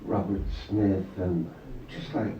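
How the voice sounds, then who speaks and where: A man's voice: low-pitched, steady tone, slow pace, mellow, slight background noise. An Irish man in his sixties, a musician talking in a live question session, rambling and reflective, swearing casually. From Ireland. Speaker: guest musician. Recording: roomy distant hall mic, muffled.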